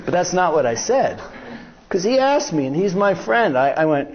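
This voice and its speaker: An older American man, a guest speaker in a lecture hall, tells an animated, joking story and acts out the dialogue. His voice is high and his speed normal, and the sound is lo-fi.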